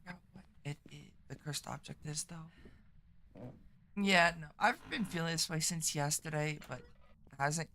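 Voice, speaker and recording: A woman streaming a game and chatting casually, her voice congested and stuffy with a rough morning voice, talking low-key in loose, trailing phrases. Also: measured pace, a bit bright, a little hiss or hum. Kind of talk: casual live-stream chat while gaming.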